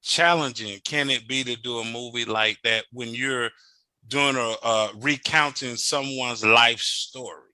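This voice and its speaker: A man's voice: mid-range voice, fairly even intonation, unhurried, pushed and bright, no room sound. A man hosting a casual interview, reacting eagerly and asking questions. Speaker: interview host.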